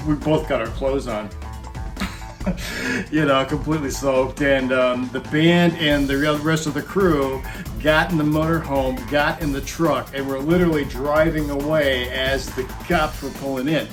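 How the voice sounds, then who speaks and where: A man's voice: mid-range voice, fairly even intonation, a little slow. A man in his fifties telling a rowdy comic story in a rambling, casual way and chuckling often as he goes. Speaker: former roadie telling tour stories. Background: music playing under the voice.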